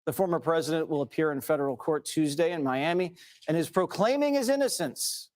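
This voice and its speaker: Brisk male news anchor. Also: on the high side, animated, a little mellow. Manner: brisk, matter-of-fact reading. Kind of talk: news narration.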